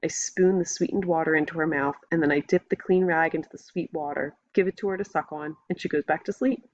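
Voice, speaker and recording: A woman narrating a novel in the first person, in a steady, measured reading voice. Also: sits low. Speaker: audiobook narrator. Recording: dull lo-fi recording.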